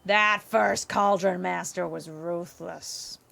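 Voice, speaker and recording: A woman puts on the voice of a sour, slow old female monster. The sound is low and gravelly with a nasal pinch, and each word is drawn out in a flat drawl. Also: heavily acted. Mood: deadpan. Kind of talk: reading game dialogue in a put-on voice.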